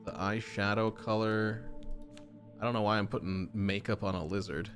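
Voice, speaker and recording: Chatty low-voiced man playing a game. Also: moderate pace, faint music behind. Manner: chatty, excitable oohs while browsing options. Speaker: gaming streamer. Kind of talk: casual gameplay commentary.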